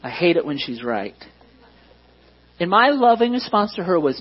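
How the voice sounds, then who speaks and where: A man's voice: high voice, sing-song, normal speed, husky, highs cut off. A man preaching a sermon as pastor, conversational and self-deprecating, often asking the congregation questions.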